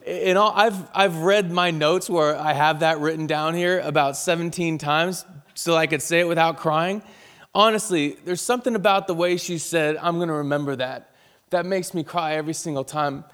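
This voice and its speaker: A man's voice: on the high side, steady tone, moderate pace, a bit bright, clear, resonant tone, big-room sound. A man, a pastor, preaching a sermon and telling a personal story in an earnest, heartfelt way.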